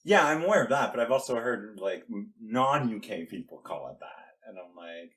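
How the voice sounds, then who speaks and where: A man's voice: lowish voice, expressive, moderate pace, a bit bright. A man co-hosting a casual movie review podcast, speaking bluntly and opinionated, with a joking edge. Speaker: podcast co-host.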